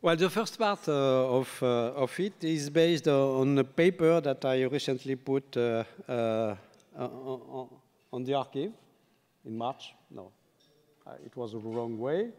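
An older man with a French accent gives a conference keynote in a large hall, and his voice trails off in a long reverb. It sounds smooth and resonant. He speaks haltingly with plenty of fillers, tired but self-deprecating. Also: medium pitch, darkish tone. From France.

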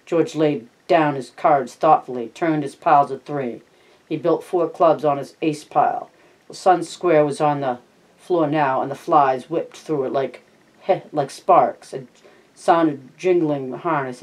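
A narrator reading a classic novel aloud in a steady, plain audiobook style, with small slips. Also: mid-range voice, a little slow, rough recording.

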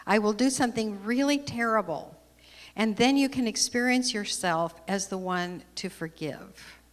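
A woman voicing a loving friendly soul in a storybook reading, speaking softly and solemnly into a handheld microphone. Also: measured pace, natural voice. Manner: bright, then low and solemn. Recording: long hall reverb.

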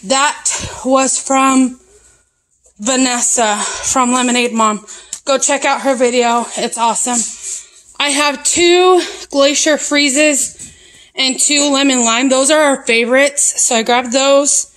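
Chatty high-pitched mom listing groceries. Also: female voice, fairly even intonation, takes it slowly, a bit bright, low-quality recording. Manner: chatty, listing items one after another. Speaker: mom vlogger. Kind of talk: casual grocery haul vlog. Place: at home.

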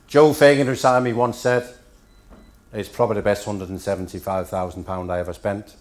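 A middle-aged man from Denmark speaks as a guest at a dinner, in a fairly low voice. He tells his stories in a dry, understated way and lets the punchlines land. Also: steady tone, brisk. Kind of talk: after-dinner speech with anecdotes. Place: hotel function room.

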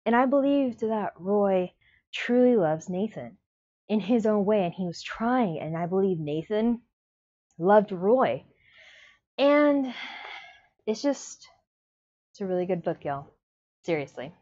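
A woman's voice: medium pitch, lively intonation, slow, long pauses, dark tone, dull audio. A woman giving a casual, emotional book review on video, acting out her own reactions.

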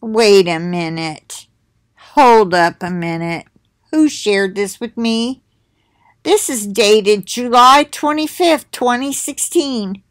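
Middle-aged woman rambling to her viewers, slow and chatty, dry close mic. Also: mid-range voice, dry recording. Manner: slow, rambling, reads titles aloud with asides. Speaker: video host sharing links. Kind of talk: casual monologue to viewers.

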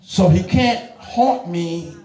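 A high-voiced middle-aged man preaching with a drawl, urging his listeners on and then dropping low. His voice rings around a roomy church hall, with plenty of echo. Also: slow pace. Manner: animated, emphatic, lively swings between loud urging and low asides. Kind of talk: sermon.

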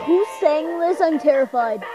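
A playful woman reacting to videos in casual banter, her voice high and leaping all over the place. Loud music from the clip plays clearly behind her. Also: moderate pace, rough recording. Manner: playful, excitable, jokey banter. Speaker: video reactor, channel host. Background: music from the video being watched.

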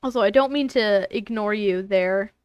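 A woman's voice: medium pitch, normal speed, clear, resonant tone, no echo, muffled recording. A young woman streamer chatting casually to viewers, exasperated and swearing at her technical trouble. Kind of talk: casual live-stream chat.

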